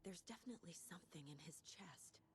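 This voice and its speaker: An actress voicing a calm, focused female investigator in a video game, speaking tersely and often in a hush. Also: lowish voice, quick pace, a little hiss or hum, close to an everyday voice. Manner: terse, matter-of-fact, often hushed. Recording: game audio with music behind.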